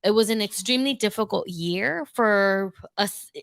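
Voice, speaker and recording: A woman's voice: medium pitch, normal speed, vocal fry, dry recording. A woman in her forties hosting a podcast, chatting candidly with profanity and frequent laughter. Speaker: podcast host. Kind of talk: casual chat.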